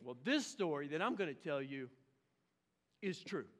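A man, preaching a lively sermon with exclamations and playful asides. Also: fairly high pitch, normal speed. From Oklahoma. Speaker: pastor.

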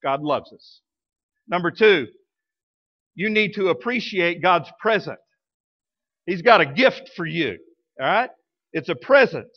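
A man's voice: high-pitched, lively intonation, unhurried, pauses often, muffled recording. A male pastor preaching a sermon in a conversational way, asking his congregation rhetorical questions. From United States. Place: church.

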